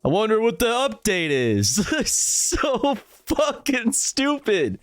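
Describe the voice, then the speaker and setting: High-voiced, slow-talking young man streamer. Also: huge pitch swings, no room sound, faint music behind. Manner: laughing, incredulous, swearing, reading out headlines and comments. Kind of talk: live stream commentary.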